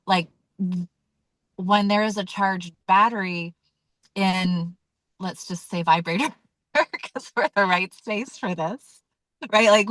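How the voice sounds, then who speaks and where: A woman's voice: mid-range voice, fairly bright tone, no echo. A woman leading a weekly community call, talking casually and candidly with many fillers and acting out her own reactions. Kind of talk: casual teaching talk.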